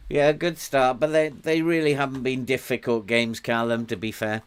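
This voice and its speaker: An older man with a Welsh accent talking through a football management game as he streams it. He chats loosely, cheers his players on and tells them off, with plenty of little chuckles. His voice sits in an ordinary middle pitch. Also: level tone, moderate pace, clean tone. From Wales. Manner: chatty, coaxes and scolds his virtual players, chuckles often. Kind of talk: casual gameplay commentary.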